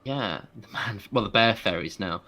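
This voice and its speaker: Bright-voiced co-host, playful. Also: male voice, on the low side, animated. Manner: playful, quick with wordplay and asides. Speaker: co-host and adviser on a game stream. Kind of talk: casual live-stream chat.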